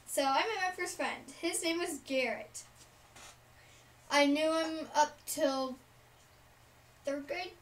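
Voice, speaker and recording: High-voiced young woman rambling a story. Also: takes it slowly, long pauses. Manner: rambling, many fillers, side remarks. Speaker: storyteller vlogger. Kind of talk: casual story time. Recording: distant mic, noisy room.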